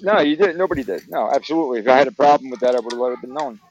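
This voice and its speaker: A man talking excitedly and rambling in a casual group chat. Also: mid-range voice, rapid-fire, highs cut off, crowd noise. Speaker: show regular.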